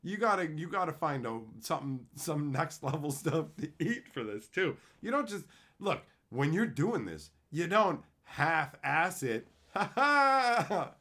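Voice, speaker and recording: Guy streamer chatting with his viewers, swearing a lot, joking around, animated. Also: a little high, unhurried, few pauses. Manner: crude, joking, swears freely. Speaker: streamer answering chat. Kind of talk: casual livestream chat.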